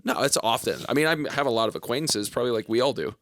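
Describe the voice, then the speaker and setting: A man on a podcast, talking in a hesitant, self-deprecating way with lots of drawn-out ums. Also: medium pitch, expressive, fairly bright tone, slight background noise. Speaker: podcast co-host. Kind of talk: casual podcast banter.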